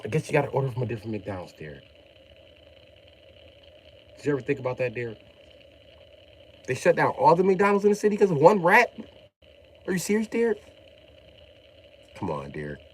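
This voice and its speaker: Lively young man teasing his chat. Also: mid-range voice, fairly quick, pauses often, a little hiss or hum. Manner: teasing, mock-scolding a viewer by name. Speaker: livestream host. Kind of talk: casual live-stream chat reading comments.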